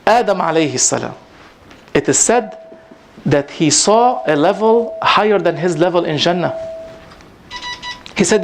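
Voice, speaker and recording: A man giving an informal religious talk to a gathering, rising in pitch for emphasis and mixing in Arabic phrases. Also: expressive, unhurried, pauses often, slight background noise. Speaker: Sufi teacher giving a talk. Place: prayer hall at a community gathering.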